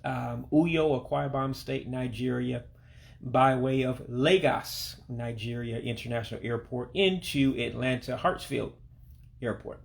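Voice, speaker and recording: A man leads a recorded language lesson, speaking over pictures rather than on camera. His voice has a gravelly, fry-edged texture and sits at an ordinary middle pitch. He goes patiently, repeating each word slowly and with care. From Alabama, United States. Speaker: language teacher. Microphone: voice-over to pictures and on-screen text.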